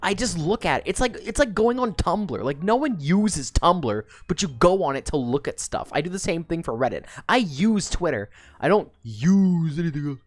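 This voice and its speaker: A woman's voice: lowish voice, big pitch swings, moderate pace, hardly any pauses. Rambling, sweary woman streamer. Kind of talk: casual book recap.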